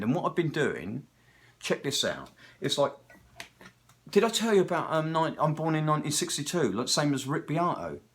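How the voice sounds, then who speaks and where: A man's voice: on the high side, fairly bright tone. A man in his sixties with a British accent, a guitar technician talking in a casual, rambling monologue that hops from one tangent to the next. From Britain. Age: 60s. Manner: digressive, talkative, tangent-hopping storyteller.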